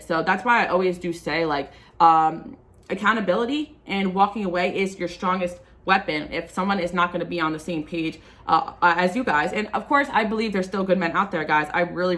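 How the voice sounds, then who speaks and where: A woman's voice: lowish voice, fairly bright tone. A woman giving a tarot reading as a casual, impassioned, rambling monologue to her viewers. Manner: impassioned, rambling, frequent fillers. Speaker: spiritual tarot reader.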